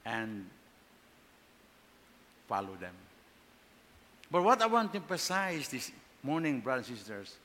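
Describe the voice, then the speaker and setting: A man with a Filipino accent preaching a sermon, earnest, repeating his questions and rising in pitch and force as he presses each point. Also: bright, forceful tone, big-room sound.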